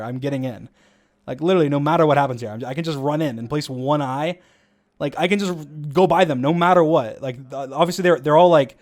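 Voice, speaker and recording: A young man streaming, casually talking through his own gameplay with rambling restarts and frequent chuckles. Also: on the high side. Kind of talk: casual gaming commentary.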